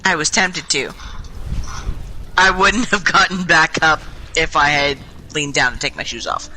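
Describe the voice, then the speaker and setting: Bright-voiced young woman telling a chatty story. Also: low-pitched, measured pace, a little hiss or hum, poor audio. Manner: chatty, animated, swears freely. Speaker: gaming group member. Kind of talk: casual storytelling in game voice chat. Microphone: headset or desk mic in online voice chat.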